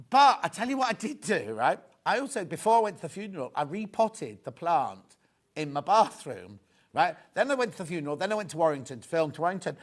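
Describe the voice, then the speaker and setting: Middle-aged male shopping host, rambling and jokey, slightly high-pitched. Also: very animated, a little fast, fairly bright tone. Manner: chatty, rambling, jokey asides. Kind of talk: live TV selling, casual chat.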